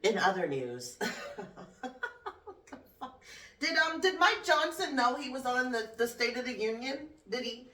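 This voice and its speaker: A woman's voice: sits high, sing-song, moderate pace, sharp tone. A woman hosting a podcast, ranting in casual comedy style, profane and laughing often as she talks. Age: adult with a school-age son. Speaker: podcast host. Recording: roomy echo, distant from mic.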